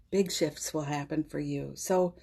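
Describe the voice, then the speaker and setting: Eine Frau mittleren Alters, die als Gastgeberin einer täglichen spirituellen Live-Sitzung gefühlvoll erzählt, oft den Tränen nahe und mit leisem Lachen. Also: female voice, deep voice, steady tone, takes it slowly, vocal fry, husky. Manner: emotional, often tearful, laughs softly between phrases. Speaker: host of a daily live spiritual session. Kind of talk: heartfelt spiritual storytelling. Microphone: phone livestream.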